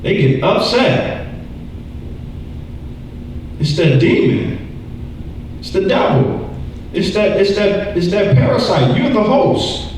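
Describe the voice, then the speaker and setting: Brief: male Bible teacher with a slightly high voice and a casual, repetitive delivery, distant in an echoey room. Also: sing-song, slow, pauses often, darkish tone, slight background noise. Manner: conversational, repeats words, acts out voices. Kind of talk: church lesson, sermon-like.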